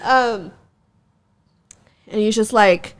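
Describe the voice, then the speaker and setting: A woman's voice: mid-range voice, very slow, clean tone. A young woman hosting a podcast, telling a story in casual chat, heated and profane, laughing often. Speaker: podcast host.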